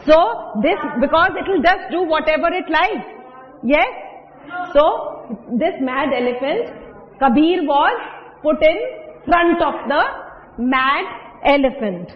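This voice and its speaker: A woman teacher with an Indian accent gives a classroom English lesson, explaining words to pupils, asking them questions and mixing in Hindi. Her high-pitched voice is slow with lively intonation, and the classroom recording sounds dull and echoey.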